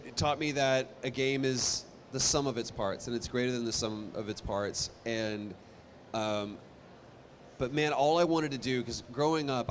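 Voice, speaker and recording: A man talking on a convention stage, telling stories with energy and quick asides. His voice sits at a middle pitch. A faint hum of ambience runs under the hall recording. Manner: animated storytelling, quick asides. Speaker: convention panel guest. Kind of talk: casual panel talk.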